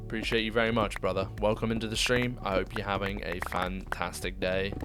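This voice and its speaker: A young British man chatting casually with viewers during a live game stream, laughing often and jumping to high-pitched disbelief. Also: flat delivery, fairly quick, music in the background. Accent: British English. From United Kingdom. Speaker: livestreamer.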